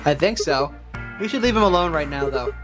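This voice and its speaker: A man's voice: fairly high pitch, lively intonation, fairly quick, over music, close to an everyday voice. A man voicing a young male hero in game dialogue, plain and concerned.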